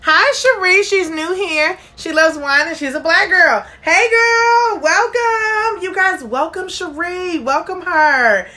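Speaking at a measured pace with hardly any pauses, a woman with a very high-pitched, sharp voice hosts a relaxed live stream. She's bubbly and talkative, welcoming viewers by name and reading their comments aloud.

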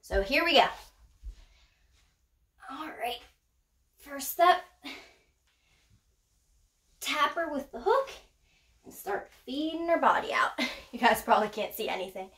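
A woman showing her pet snake in a casual vlog, chatty, laughing often and whooping with excitement. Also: sits high, slow, pauses often. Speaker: snake keeper vlogger. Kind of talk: casual show-and-tell vlog. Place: indoors room by a snake enclosure. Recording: echoey room.

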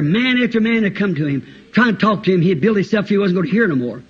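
Fervent male preacher, high husky voice, urgent, muffled 1960s tape. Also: animated, fast talker. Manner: fervent, urgent, breaks into song. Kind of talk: sermon. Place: church with congregation.

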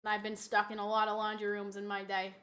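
A woman streaming a game live, bantering playfully with chat and reacting quickly to the action. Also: medium pitch, completely flat delivery, fairly bright tone.

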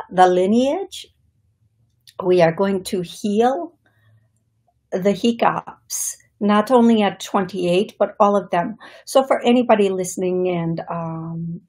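Brief: woman psychic medium host, unhurried, halting delivery, laughs easily between thoughts, middle-pitched. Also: a little mellow, breathy edge. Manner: slow, halting, thinking aloud with pauses; laughs often between remarks. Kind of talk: live call-in radio show.

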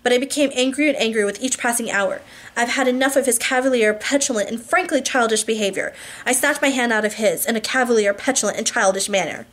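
A woman reading a novel aloud in the first person, slowing for emphasis, adding small asides and fixing words she stumbles on. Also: fairly high pitch, a bit bright.

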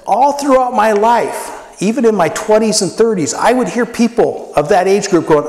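A man in his sixties delivers an earnest, personal sermon in a slightly raised voice, dropping quiet for emphasis. The sound rings through an echoey church hall with a long, lingering reverb. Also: high-pitched, animated, normal speed. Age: 60s. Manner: earnest, personal preaching with dramatic quiet drops. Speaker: pastor. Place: church sanctuary.

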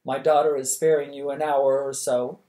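A reader voicing a kindly old king who speaks with gentle, unhurried courtesy, close to their own voice. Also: mid-range voice, flat delivery, lightly acted. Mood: courteous.

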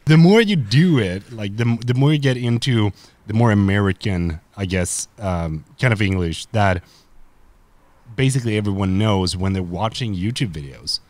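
A man's voice: on the low side, lively intonation, normal speed, darkish tone, no room sound. A man with a Swedish accent, whose first language is Swedish, chatting loosely as a podcast guest, full of fillers and restarts. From Sweden. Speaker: podcast guest, content creator. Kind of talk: casual interview chat.

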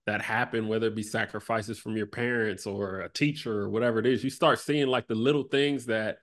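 A man in his thirties, a former basketball player, talking reflectively in an interview, loose and relaxed, often trailing off softly. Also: lowish voice, brisk. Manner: relaxed, lots of "like" and "you know", trails off softly.

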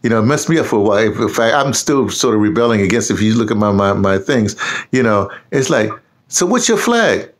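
An American man, hosting a casual conversation, animated and laughing often as he mimics voices. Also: on the low side, quick pace. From United States. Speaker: host.

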